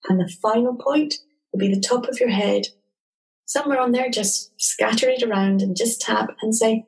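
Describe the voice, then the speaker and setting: A woman calmly and gently explaining a tapping technique step by step in an interview. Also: fairly high pitch, normal speed, vocal fry, low-quality recording. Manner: calm, gentle instructional talk. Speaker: tapping therapy practitioner.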